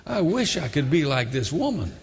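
A male preacher delivers an emphatic, repetitive sermon in a high, husky voice. He speaks slowly and drives home each point. A long reverb rings through the hall after his words. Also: very animated.

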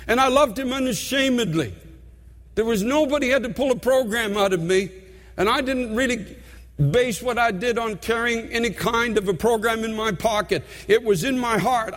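A man preaching a sermon as a pastor, earnest and heartfelt, leaning on slow, emphatic repetitions. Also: extremely high pitch, a bit bright. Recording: long hall reverb.

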